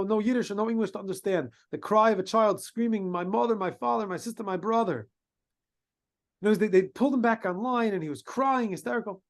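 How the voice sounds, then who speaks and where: A man, a rabbi, telling a story in a sermon, halting with many restarts and using Hebrew and Yiddish terms. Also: high voice. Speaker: rabbi giving a talk.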